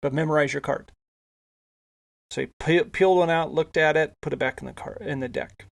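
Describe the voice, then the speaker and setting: A man's voice: fairly high pitch, steady tone, brisk, vocal fry. A male podcast host telling a casual anecdote, rambling with frequent restarts and repeated words. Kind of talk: casual storytelling.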